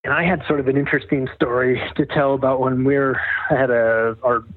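A man rambles through his points with a wry, sardonic edge. His voice is mid-pitched and comes through a thin, phone-like line. The sound is dry, with no room around it. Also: fairly even intonation, brisk, no room sound. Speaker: guest author. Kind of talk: casual interview storytelling.

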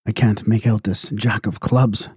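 A stout, tipsy fortune-teller woman, read by a man droning on in a slow, repetitive drawl. The voice sits low and is recorded close and dry. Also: flat delivery, a little mellow, breathy edge, no room sound.

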